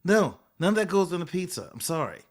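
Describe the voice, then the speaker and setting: A man's voice: sits high, big pitch swings, fast. A man co-hosting a casual podcast, voicing firm opinions and acting out quoted people with laughter. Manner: emphatic, opinionated, acts out quoted voices with laughter. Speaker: podcast co-host.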